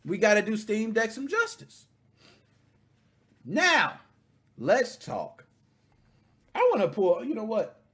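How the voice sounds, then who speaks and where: A man hosting a casual gaming podcast, ranting animatedly and breaking into shouts when excited. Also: a little high, slightly rough. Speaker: podcast host.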